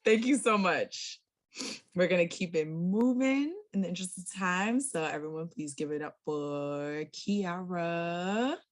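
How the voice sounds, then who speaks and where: A woman emceeing a live arts event, briskly moving the program along and introducing the next performer. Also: lowish voice, lively intonation, no room sound, clean studio sound. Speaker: event host.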